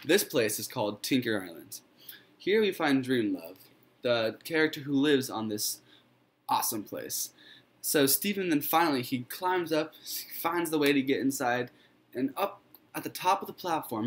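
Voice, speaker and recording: A man's voice: mid-range voice, animated, moderate pace. A man telling a fairy tale he made up, in a loose, informal way with fillers and restarts. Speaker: student storyteller.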